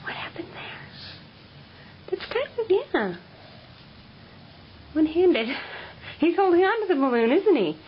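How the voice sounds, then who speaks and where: A woman gently coaxing and praising her toddler in soft baby talk, filmed at home on a handheld camera. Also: extremely high pitch, very animated, unhurried, pauses often. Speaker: parent filming her toddler. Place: home, by the stairs and in a child's room. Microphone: handheld camera filming from behind. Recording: dull lo-fi home video with background noise.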